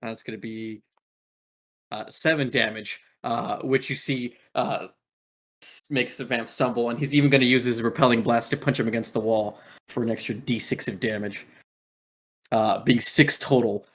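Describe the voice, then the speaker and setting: A man's voice: mid-range voice, fairly even intonation, moderate pace, a bit bright. A man narrating as game master in a casual way, full of fillers. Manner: casual, many fillers, swears.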